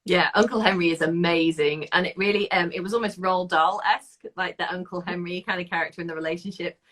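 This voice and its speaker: A woman author hosts a relaxed conversation with another writer, asking her questions with plenty of enthusiasm. Her voice sits somewhat low, and she talks in a chatty, easygoing way, often breaking into laughter. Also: quick pace. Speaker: interviewer, author. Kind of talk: casual conversational interview.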